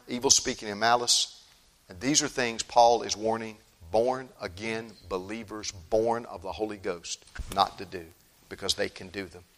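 A male pastor preaching a sermon emphatically, repeating phrases and swinging from loud outbursts to hushed tones. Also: on the low side.

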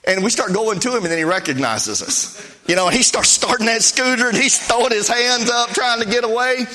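Folksy, animated male preacher telling stories. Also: extremely high pitch, fairly quick. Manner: folksy, animated anecdotal preaching with acted-out dialogue. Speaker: preacher, missionary. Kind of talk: sermon storytelling.

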